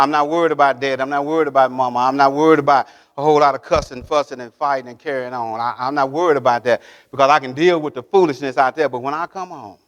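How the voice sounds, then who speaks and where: In a fairly bright, medium-pitched voice, a pastor delivers a sermon in a church sanctuary. His preaching is emphatic and repetitive on key phrases, punctuated by call-and-response questions about whether the congregation is with him.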